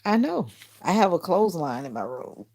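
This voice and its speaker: Low, gravelly-voiced woman chatting on a stream. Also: sing-song, normal speed, darkish tone. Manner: rambling, laid-back and joking. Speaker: livestream host. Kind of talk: casual chat to viewers. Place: her bedroom at home. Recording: noisy home livestream.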